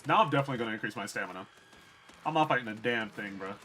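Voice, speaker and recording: A man's voice: fairly low pitch, expressive, very fast, bright, forceful tone, a little hiss or hum. A young man streaming a video game, chatting bluntly and with swearing to his viewers as he plays. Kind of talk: casual gameplay commentary.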